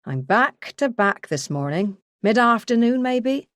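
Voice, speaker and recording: A woman reading the part of a calm, unhurried senior male detective. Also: fairly high pitch, no echo, clean studio sound, voice pushed up.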